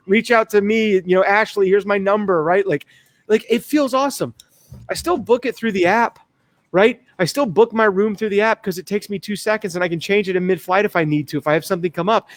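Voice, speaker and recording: A man talking casually and with high energy, acting out other people in his anecdotes. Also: dry recording. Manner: energetic, fast-talking, acts out voices in anecdotes. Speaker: guest. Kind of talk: casual storytelling in a talk.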